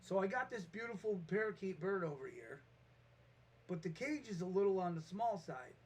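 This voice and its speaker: A man with a fairly high voice talks off the cuff in a vlog. He rambles, trips over his starts and throws himself into acting out every back-and-forth. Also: moderate pace, slightly rough. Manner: rambling, animated, restarts and acts out quotes. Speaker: vlogger. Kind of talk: casual storytelling monologue.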